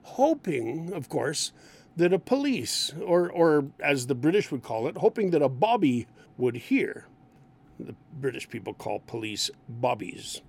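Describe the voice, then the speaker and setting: A man explaining English expressions in a lesson. His voice is gravelly and sits a little high for a man. He swings his pitch widely and acts out lively example lines. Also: measured pace. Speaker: English teacher.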